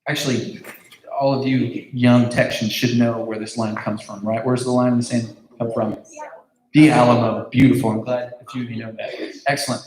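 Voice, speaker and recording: A man's voice: medium pitch, little pitch movement, moderate pace, a little mellow. Chatty youth pastor man, echoey room. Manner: conversational, repeats words, many fillers. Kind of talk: casual youth group talk. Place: large room with a group.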